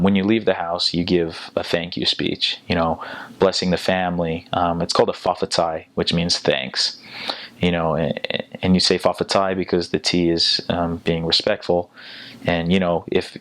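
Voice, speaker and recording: Deep, flat-voiced young American man. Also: dry recording. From United States. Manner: relaxed and halting, with many fillers and restarts. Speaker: returned missionary. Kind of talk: casual storytelling.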